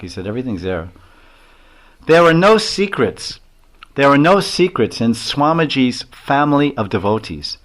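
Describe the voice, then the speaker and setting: A man with a fairly low voice gives a devotional lecture as a swami. He tells stories in a loose, rambling way, chuckling often and acting out quotes.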